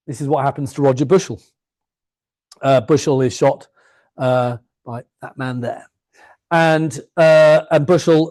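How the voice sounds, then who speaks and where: A man giving an evening history talk to a live audience in a museum, chatty and full of jokey asides. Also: on the high side. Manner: chatty, jokey asides, quick lively delivery. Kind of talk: public lecture with anecdotes. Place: museum lecture room before a live audience.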